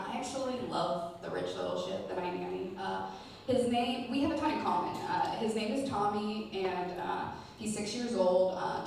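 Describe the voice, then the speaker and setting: Stand-up comedian, female, deadpan delivery; live hall recording, distant mic, audience noise. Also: mid-range voice. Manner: deadpan storytelling with filler ums.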